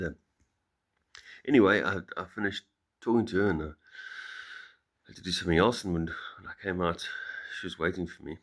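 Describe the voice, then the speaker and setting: A middle-aged man speaking softly to the camera on his farm early in the morning, halting and reflective, with many pauses and restarts. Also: sits low. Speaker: farm vlogger. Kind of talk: reflective personal talk to camera.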